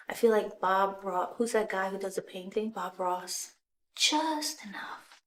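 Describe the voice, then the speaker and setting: Middle-aged woman, relaxed celebrity makeup-tutorial host, talks you through every brush stroke, voice of medium height, easy chatty flow with quiet asides. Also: medium pitch. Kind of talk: casual makeup tutorial talk.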